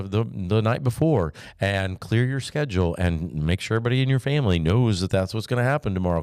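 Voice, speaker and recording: A man speaking as a pastor, teaching in a relaxed, chatty way with light humor and scripture quotes. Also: fairly low pitch, clean tone, no echo, studio quality.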